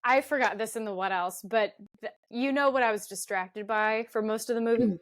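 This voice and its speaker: A woman's voice: fairly high pitch, brisk. A woman from Kentucky co-hosting a podcast, chatting casually and often stopping to restart her sentences. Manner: chatty, self-interrupting. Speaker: podcast co-host. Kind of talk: casual chat.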